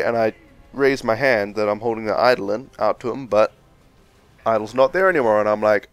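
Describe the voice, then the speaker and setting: A man's voice: on the low side, fairly quick, gravelly, no room sound. A man commentating a let's play, telling a rambling story full of "like" and "um". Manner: loose, filler-heavy storytelling with lots of "like" and "um". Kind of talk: rambling dream story told over gameplay.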